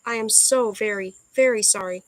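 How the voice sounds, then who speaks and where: A woman's voice: mid-range voice, normal speed, dry recording, close to an everyday voice, rough recording. A woman voicing an intense, brooding young man in a storybook reading, earnest and grave.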